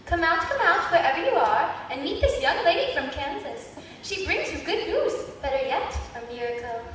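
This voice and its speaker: A woman's voice: high voice, big pitch swings, normal speed, a bit bright, slight background noise. A teenage girl playing a kind, cheerful good witch in a school stage play, with a sweet, sing-song delivery. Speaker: student actor. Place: large school auditorium. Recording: echoey hall from far off.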